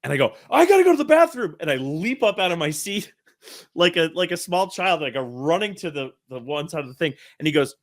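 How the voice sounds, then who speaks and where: A man's voice: fairly high pitch, brisk, fairly bright tone. A man in his thirties, a guest in an interview, telling a long anecdote casually, correcting himself and laughing as he goes. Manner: rambling, self-correcting, laughs while telling. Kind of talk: casual storytelling.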